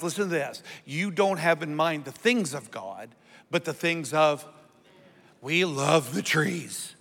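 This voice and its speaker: A man preaching to his congregation in a high, bright voice, drawing call-and-response from them as he goes. His sermon rings through a hall with a long reverb. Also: a little slow. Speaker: pastor.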